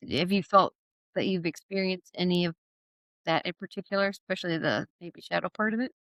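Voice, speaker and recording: A woman's voice: lowish voice, a little fast, no echo. A woman hosting a podcast interview in a conversational way, often acting out quotes in a raised voice. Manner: animated, acts out quotes in a raised voice. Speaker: podcast host.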